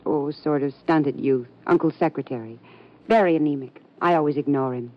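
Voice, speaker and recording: A woman plays a cool, mocking young woman in an old radio drama, with a dry, deadpan delivery. Her voice is very low for a woman. The sound is dull, like an old radio recording. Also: normal speed, natural voice. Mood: sardonic. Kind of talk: 1950s radio drama acting.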